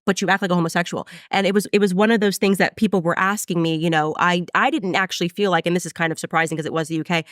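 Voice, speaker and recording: Quick chatty woman host, rambly, dry close mic. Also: fairly low pitch, steady tone, a bit bright, dry recording. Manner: quick, chatty, lots of likes and restarts. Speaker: interview host. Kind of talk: casual chat.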